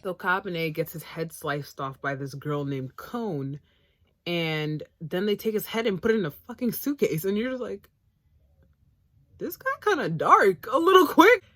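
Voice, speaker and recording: A woman's voice: sits low, moderate pace, dry recording. A woman chatting casually about an anime episode, rambling and blunt, swearing freely. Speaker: anime reviewer, co-host. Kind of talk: casual chat.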